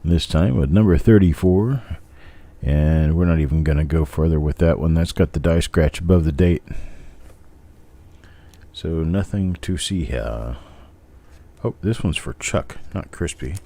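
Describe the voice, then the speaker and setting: A man's voice: extremely low pitch, measured pace, warm tone, no echo. An older man hosting a live coin-hunting stream, chatting loosely and joking with viewers by name as he inspects coins. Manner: rambling, jokey, talks to viewers by name. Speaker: host.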